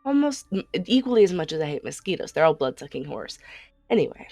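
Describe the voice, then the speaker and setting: A woman from the Midwest United States who is sick and sounds rough, chatting in a rambling way on her game stream at home. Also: sits low, big pitch swings, quick pace, mellow, no echo, faint music behind. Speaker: gaming streamer. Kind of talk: casual live-stream chat. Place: home, with dogs nearby.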